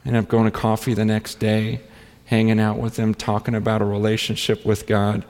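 A man preaching as a pastor, telling stories in an animated way with frequent restarts and stammers. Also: fairly low pitch, normal speed, in a large hall. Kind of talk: storytelling sermon.

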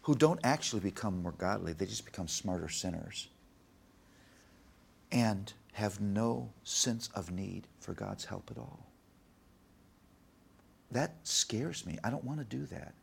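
Man, middle-aged, gravelly voice, lower pitch, emphatic and preachy, interview guest. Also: expressive, unhurried, pauses often. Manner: preaching, emphatic, retells dialogue softly. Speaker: guest, Christian author on parenting. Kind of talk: earnest interview talk with told anecdotes.

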